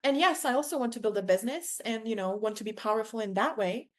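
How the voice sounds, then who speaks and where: A young woman talking fast in a fairly high-pitched voice shares a personal story on her podcast. She tells it effusively, with plenty of "like" and quotes she acts out.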